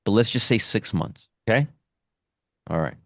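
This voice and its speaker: A man's voice: lowish voice, lively intonation, normal speed, no echo, studio quality. A man teaching a trading lesson at a whiteboard, emphatic, repeating phrases and checking in with "okay?". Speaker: trading educator.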